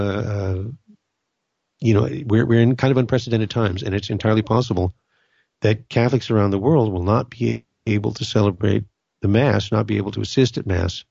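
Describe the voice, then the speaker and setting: In dull, dry audio, a lowish, creaky, darkish male voice belongs to a middle-aged Southern Californian who hosts a Catholic podcast. He talks about faith in a casual, earnest way and often restarts his sentences.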